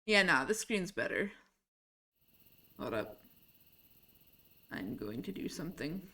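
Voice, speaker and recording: A woman's voice: deep voice, sing-song, takes it slowly, bright, forceful tone, husky. A woman streaming live from home, chatting casually with her viewers, easily sidetracked and swearing now and then. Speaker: livestreamer.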